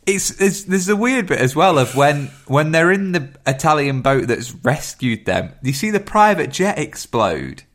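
A man's voice: on the high side, very animated, measured pace, hardly any pauses, a bit bright. A man in a casual film chat, recapping the plot thoughtfully with many fillers.

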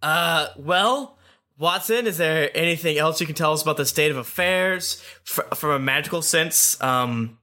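A man's voice: a little high, normal speed, bright, forceful tone. A man running a tabletop game, casual and joking, swearing freely. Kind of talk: tabletop role-play banter.

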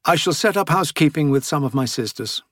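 A man voicing a calm, wry older former nun in an audiobook reading, with a dry, steady manner. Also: fairly high pitch, quick pace, no room sound, voice pushed up.

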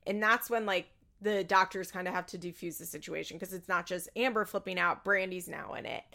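A woman's voice: fairly low pitch, a little fast, creaky, pushed and bright. A woman chatting casually as a podcast host, opinionated and swearing freely, acting out what others said in bigger voices. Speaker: podcast host recapping a reality show. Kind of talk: casual chat.

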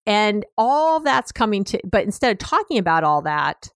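A woman therapist talks straight to the listener in a chatty, direct podcast style, full of filler words. She slips into quick impressions of clients and partners. Her mid-range voice sounds close and dry, with no room echo. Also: mid-range voice, very animated. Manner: chatty and direct, many "you know" fillers. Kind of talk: podcast advice talk.

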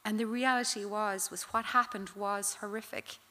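A woman speaks with a bright, clear voice as a guest on a live stage show. She tells stories in earnest, and the sound carries the long reverb of a theatre hall. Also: mid-range voice, fairly even intonation, moderate pace. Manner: earnest storytelling. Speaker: forensic psychologist guest. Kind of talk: live podcast chat on stage.

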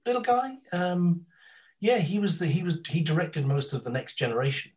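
A man chatting casually as a podcast guest, telling rambling stories with lots of ums and quick impressions. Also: high-pitched, sing-song, darkish tone, poor audio.

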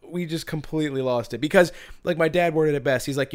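A man's voice: on the high side, brisk. A man on a podcast telling a story in casual chat, rambling with many restarts and bursts of laughter.

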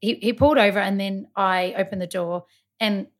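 A woman's voice: medium pitch, moderate pace. A woman in her thirties, from Malta, telling a personal travel story in casual chat and acting out the voices of the people in it. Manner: animated, acts out quoted voices.

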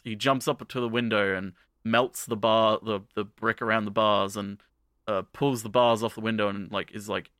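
A man co-hosting a podcast, casually recapping with rambling, profane asides and quick acted-out lines. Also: on the low side, steady tone, fairly bright tone, no room sound, clean studio sound. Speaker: podcast co-host.

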